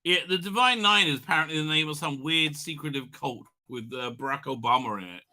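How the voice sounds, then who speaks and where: Hoarse, bright-voiced man rambling. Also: fairly high pitch, a little fast. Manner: rambling, many restarts and fillers. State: hoarse from illness. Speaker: livestream host. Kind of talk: casual livestream commentary.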